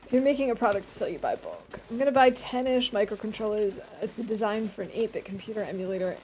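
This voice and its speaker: A woman's voice: medium pitch, lively intonation, quick pace, a little mellow, a little hiss or hum. A young woman streaming a survival game from home, chatting casually with viewers and laughing often. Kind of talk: casual gameplay commentary.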